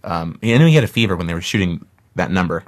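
Fast-talking deep-voiced man. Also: animated. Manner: corrects others, quick trivia asides. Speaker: podcast co-host. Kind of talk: casual chat.

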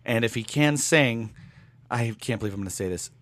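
A man's voice: mid-range voice, fairly quick, fairly bright tone. A man co-hosting a podcast in casual chat, wry and irreverent, swearing casually. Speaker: podcast co-host.

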